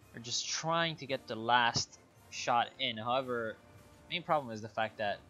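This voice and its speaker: A man talks through his strategy game in a calm, low-key way, as if thinking out loud. His voice sits a little low but sounds bright and forward. Faint game music plays underneath. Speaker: gameplay commentator. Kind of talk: casual let's play commentary.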